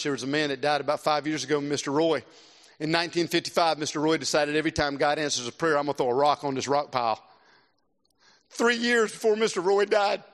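A middle-aged man from South Carolina preaching a sermon, animated and swinging between loud exclamations and hushed earnest tones. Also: a little high. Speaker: visiting preacher. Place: large church with long reverb. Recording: reverberant church hall.

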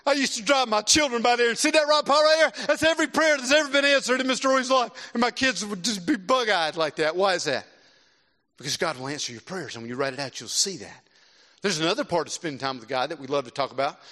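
A middle-aged man from South Carolina preaching a sermon, animated and swinging between loud exclamations and hushed earnest tones. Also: high voice, fast talker. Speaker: visiting preacher. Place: large church with long reverb. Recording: reverberant church hall.

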